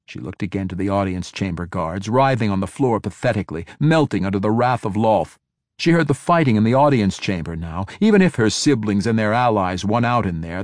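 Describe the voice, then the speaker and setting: Man narrating fantasy audiobook, low voice, dry close sound, measured dramatic delivery. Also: no room sound.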